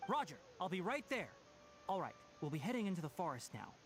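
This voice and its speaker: Casting note: young male ranger mentor, gently stern, caring, lively intonation, game dialogue. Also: sits high, fast, soft background music, full character voice.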